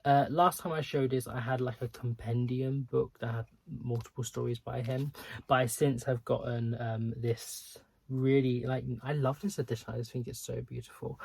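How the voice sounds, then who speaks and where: A man talks casually to his camera in a loose, rambling way, full of ums and likes. He pokes fun at himself as he goes. His voice has a gravelly, creaky edge. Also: medium pitch, steady tone, normal speed. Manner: chatty, rambling, self-deprecating, lots of ums and likes. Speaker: book vlogger.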